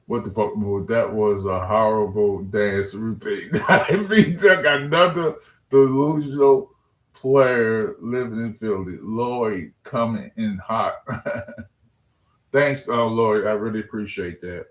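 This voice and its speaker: With a lowish voice, this streamer takes his time as he reads chat aloud. He's loose and joking, trash-talking with viewers from his computer in an echoey room at home.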